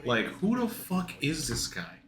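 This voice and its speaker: A young man in casual, profane reaction commentary, excitable and laughing, mocking the characters in put-on voices. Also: on the high side, unhurried, soft background music. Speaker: anime reaction youtuber. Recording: echoey room.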